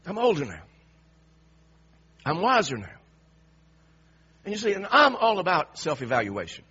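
A man preaching with a high, lively voice that swoops up and down as he presses his listeners with questions. His tone is bright and a bit husky. The recording sounds dull and lo-fi. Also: normal speed. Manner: animated, emphatic, questioning the audience. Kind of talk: sermon.

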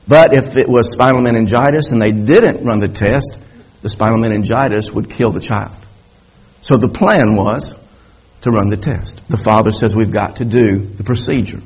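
Male preacher, impassioned sermon storytelling, husky voice, muffled lo-fi recording. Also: on the low side, normal speed. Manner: impassioned storytelling, repeats key words for emphasis. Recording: dull lo-fi recording.

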